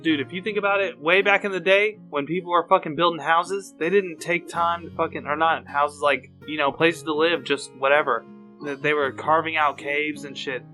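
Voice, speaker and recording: A man's voice: a little high, fairly even intonation, moderate pace, sharp tone, soft background music. A man co-hosting a podcast, swearing freely and rambling through stories in casual chat while a little tipsy. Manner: profane, rambling storyteller. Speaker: podcast co-host.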